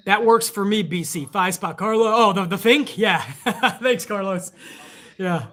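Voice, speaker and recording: A man's voice: high voice, animated, measured pace, sharp tone. A man hosting a live wrestling stream, chatting casually and rambling with plenty of swearing while reading viewer donations aloud.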